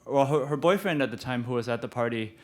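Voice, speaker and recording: A man telling a personal story live, halting and restarting often, with frequent laughter in his voice. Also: medium pitch.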